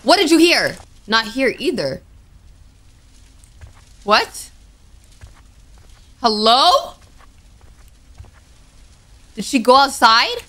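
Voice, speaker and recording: A woman's voice: fairly high pitch, pushed and bright. Woman doing let's play commentary, jumpy and scared, bouncy voice all over the place. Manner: jumpy, talks to herself, scared exclamations. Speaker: gaming streamer.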